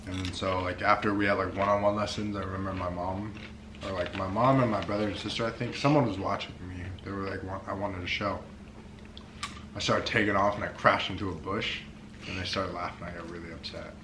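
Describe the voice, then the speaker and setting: Young man, very deep voice, hesitant, echoey room with clear background noise. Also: steady tone, fast. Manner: hesitant, many fillers. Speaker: vlogger's husband. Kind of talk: casual chat.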